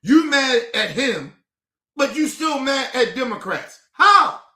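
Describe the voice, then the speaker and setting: Streamer, male, high and bright-voiced, heated rants with shouted bursts, roomy sound. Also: big pitch swings, unhurried. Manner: profane, exasperated ranting, rising to shouts. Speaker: political commentary streamer. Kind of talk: casual heated commentary.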